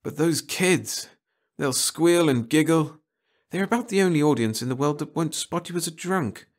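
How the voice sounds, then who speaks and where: A man's voice: on the high side, lively intonation, moderate pace, pitched above the performer's own voice. A man voicing a hungover, self-pitying male actor who pleads and whines, in a read-aloud story. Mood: whiny, pleading. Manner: pleading, whining.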